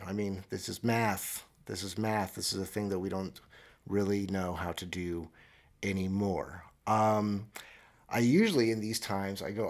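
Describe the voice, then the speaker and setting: Podcast host, thirties, deadpan and sarcastic, restarts a lot, lowish voice. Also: male voice, normal speed. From Florida. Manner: rambling with restarts, mock-earnest. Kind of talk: solo comedic monologue. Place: traveling abroad, recording alone.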